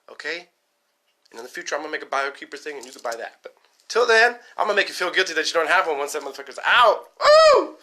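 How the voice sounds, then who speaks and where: A fast-talking man ranting to camera in a rambling, profane vlog. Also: a little high, sharp tone. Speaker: vlogger. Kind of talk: casual rant to camera.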